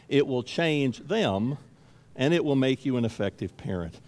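A man's voice: a little high, sing-song, normal speed. A man preaching a sermon as pastor, speaking emphatically and repeating key phrases for stress. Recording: long reverb of a large hall.

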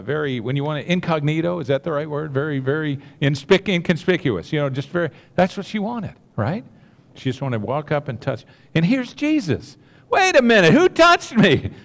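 A man preaching a sermon, telling a Bible story with animated energy and acting out the voices. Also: on the high side. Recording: long hall reverb.

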